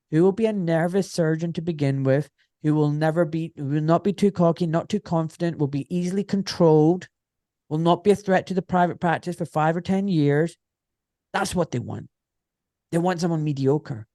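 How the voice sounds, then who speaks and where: Blunt, animated middle-aged man, slightly high voice, dry close sound, candid guest storyteller. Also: no room sound. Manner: animated, blunt, swears, acts out quoted voices. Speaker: guest, orthopaedic surgeon.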